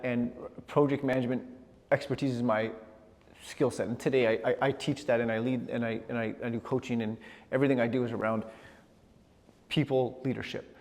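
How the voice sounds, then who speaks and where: A middle-aged man giving a personal storytelling talk, animated, often repeating words as he gathers his thoughts. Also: mid-range voice. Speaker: speaker. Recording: long hall reverb.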